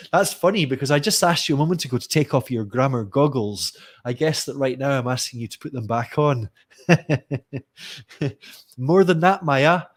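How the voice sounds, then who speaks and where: Middle-aged male teacher trainer, lively, full of questions, live online lesson read. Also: mid-range voice. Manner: lively, questioning, addresses viewers by name.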